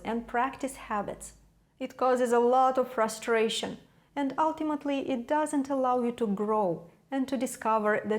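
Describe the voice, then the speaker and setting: Measured, emphatic woman piano teacher. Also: a little high, darkish tone. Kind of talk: scripted video lesson.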